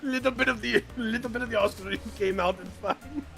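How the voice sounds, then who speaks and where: A man's voice: extremely high pitch, brisk, creaky, a bit bright, faint music behind. A man joking around while co-hosting a visual novel stream. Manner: joking, giggly banter. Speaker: streamer co-host. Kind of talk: casual chat over a game stream.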